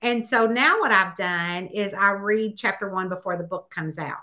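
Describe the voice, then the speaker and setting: A middle-aged woman author chatting casually, telling stories and acting out the people in them with lively quoted voices. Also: normal speed. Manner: animated storyteller, acts out quotes in a high voice. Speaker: mystery author, host. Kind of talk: casual chat.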